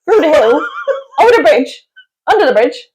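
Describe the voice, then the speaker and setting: A woman's voice: high-pitched, very animated, normal speed, darkish tone. A woman playing a nosy, folksy rural local who drawls and slides between while giving winding directions. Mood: drawling teasing. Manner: drawling, slipping between accents.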